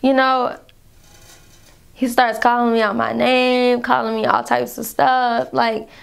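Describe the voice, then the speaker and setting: A woman's voice: a little high, flat delivery, slow, vocal fry, clear, resonant tone. A young woman telling a painful personal story to her viewers in a vlog, rambling, calling them y'all, fighting back tears. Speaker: vlogger.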